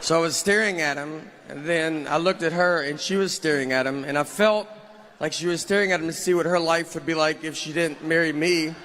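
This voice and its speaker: A man in his forties with a Southern US accent telling stand-up stories in a deadpan style. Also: a little high, brisk. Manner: deadpan storytelling. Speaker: stand-up comedian. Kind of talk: stand-up set. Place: comedy stage. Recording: noisy live venue recording. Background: audience laughter.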